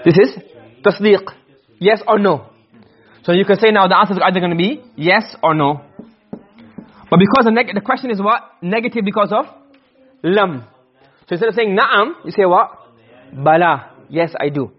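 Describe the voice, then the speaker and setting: Higher-voiced man teaching Arabic grammar. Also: normal speed, pauses often, husky, muffled recording. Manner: asks the class questions and answers them himself; repeats and restarts phrases while explaining. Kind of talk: classroom lecture.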